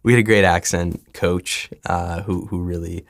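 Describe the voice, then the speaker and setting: American actor, very deep voice, rambling with fillers. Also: male voice, fairly even intonation, moderate pace. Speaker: actor guest. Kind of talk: casual interview chat.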